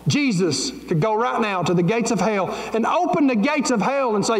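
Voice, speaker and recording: A man's voice: sits high, lively intonation, moderate pace, few pauses. A man preaching a fervent, pleading sermon as pastor of his church. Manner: fervent, pleading, folksy preaching with Southern grammar. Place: church sanctuary. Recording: echoey church sanctuary with long reverb.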